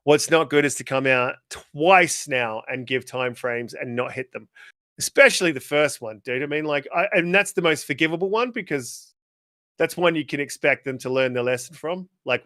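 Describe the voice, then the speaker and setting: A man guest on a gaming interview show, ranting casually and swearing freely in a worked-up, animated way. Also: on the high side, moderate pace, no echo, studio quality. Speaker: guest gamer.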